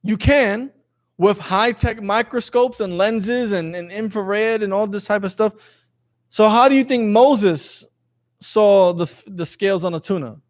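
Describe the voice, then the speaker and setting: A man's voice: high voice, unhurried. A man teaching a lesson to a class, quizzing his students in a jokey way and reading passages aloud. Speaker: religious teacher.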